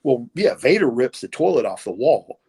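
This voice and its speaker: A man's voice: medium pitch, sing-song, moderate pace, darkish tone, husky. A middle-aged man with a Southern US accent, telling rambling stories as a podcast guest with many fillers and restarts. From American South. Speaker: podcast guest, former wrestler. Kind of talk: casual storytelling interview.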